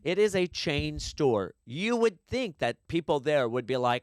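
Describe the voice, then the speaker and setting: A man's voice: on the high side, sing-song, unhurried, no room sound. A man co-hosting a podcast, ranting in a casual, exasperated way and swearing now and then. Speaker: podcast co-host. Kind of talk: casual rant. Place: New York City.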